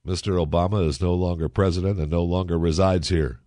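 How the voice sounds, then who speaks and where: A stern, formal young Marine on guard duty, clipped and proper, as a radio host reads him in his own low voice. The voice is deep and close, with a dry sound. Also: fairly even intonation, brisk, mellow, no room sound, lightly acted. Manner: formal, clipped, growing exasperated.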